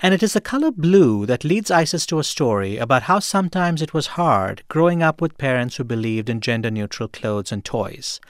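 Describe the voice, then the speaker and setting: Measured male radio narrator. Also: medium pitch, big pitch swings, no echo, studio quality. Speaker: radio show host and interviewer. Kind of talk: scripted narration with interview questions.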